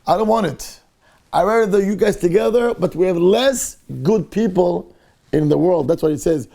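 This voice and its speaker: Rabbi teaching a Torah class, high gravelly voice, animated, drops low to quote verses. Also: male voice, moderate pace. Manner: animated, acts out the figures' words with mixed Hebrew phrases. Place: synagogue.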